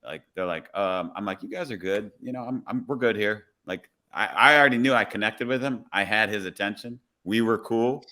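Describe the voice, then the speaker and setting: A man who is a police officer, a guest on a podcast, telling a story in a relaxed way and acting out the dialogue. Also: fairly low pitch, brisk, few pauses. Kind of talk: casual podcast conversation, storytelling.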